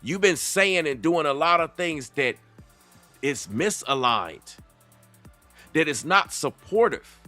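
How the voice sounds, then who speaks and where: Bright-voiced man lecturing confrontationally. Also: on the high side, animated, takes it slowly, pauses often, faint music behind. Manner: confrontational, lecturing, addresses the clip directly. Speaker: reaction commentator. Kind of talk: reaction commentary.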